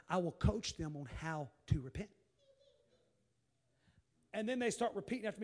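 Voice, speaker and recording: A man preaching a sermon, swinging from quiet asides to sudden shouted bursts. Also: high-pitched, animated, normal speed, pauses often. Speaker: pastor.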